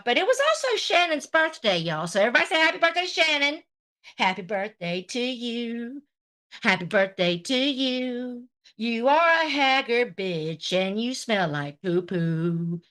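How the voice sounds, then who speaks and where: A woman's voice: medium pitch, fairly bright tone. A woman hosting a livestream, ranting at a rival in a profane, confrontational and sarcastic way while greeting her chat. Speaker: livestream host. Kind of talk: livestream rant addressing chat.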